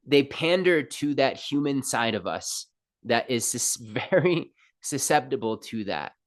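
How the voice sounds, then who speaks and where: A man's voice: mid-range voice, smooth. A man hosting a spiritual self-help podcast, talking straight to the listener in an emphatic, playful way. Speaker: podcast host and spiritual counselor. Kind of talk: motivational spiritual talk.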